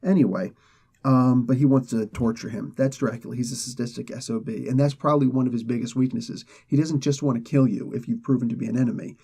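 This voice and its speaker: Male comic-show host, casual excitable recap, husky tone, mellow timbre. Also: mid-range voice, fast. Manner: excitable storyteller, many fillers and restarts. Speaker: comic book reviewer, host.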